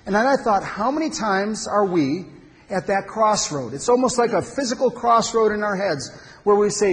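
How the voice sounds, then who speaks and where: A man with a high voice tells a personal story to a men's gathering, emphatic and animated, with pauses for effect. His words echo through a large hall with a long reverb. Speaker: speaker at a men's conference. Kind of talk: storytelling talk to an audience.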